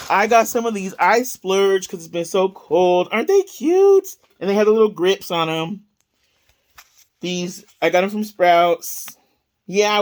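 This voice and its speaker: A woman chatting casually in a home vlog, rambling through her story with lots of fillers and frequent giggles. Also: on the low side. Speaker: vlogger.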